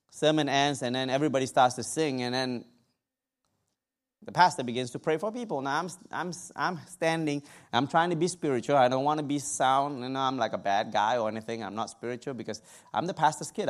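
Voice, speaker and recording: A man preaching a sermon, telling a personal story with humor and asides to his congregation. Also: mid-range voice. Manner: humorous, animated testimony with asides to the audience.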